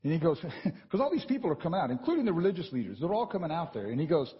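A man preaching a sermon in a church, animated and conversational, often checking in with the congregation. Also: a little high, quick pace, long reverb tail, highs cut off. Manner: animated and conversational, with frequent "right?" asides.

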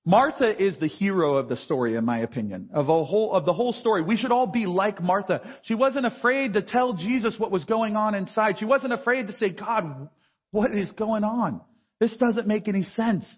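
A man's voice: sits high, animated, brisk, few pauses, husky. A man preaching a sermon in a conversational way, acting out the voices from a Bible story. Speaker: pastor. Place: large cathedral. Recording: long church reverb, dull sound.

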